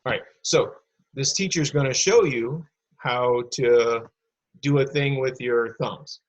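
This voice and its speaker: Husky man teaching a casual class. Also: medium pitch, slow, low-quality recording. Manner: casual, encouraging classroom talk with many fillers. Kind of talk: online class lesson.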